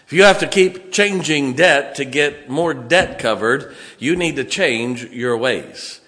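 A man's voice: medium pitch, expressive, slow pace, fairly bright tone, big-room sound. A male pastor preaching a sermon, reading scripture aloud and adding emphatic asides to his congregation.

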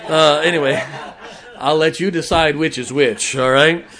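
Man, pastor, folksy joking sermon, bursts of shouting. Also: on the high side, fairly even intonation, normal speed, a crowd in the background.

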